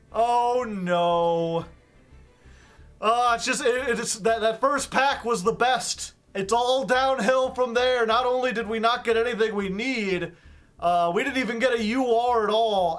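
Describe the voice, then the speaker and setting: High-voiced man mumbling wry asides. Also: fairly bright tone. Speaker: streamer. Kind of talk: casual live-stream chat.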